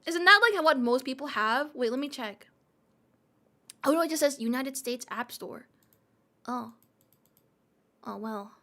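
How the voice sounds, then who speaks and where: A woman's voice: high voice, expressive, unhurried, long pauses, pushed and bright. A young woman chatting casually on a livestream, giggly, rambling and playfully dramatic. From Australia. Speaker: streamer.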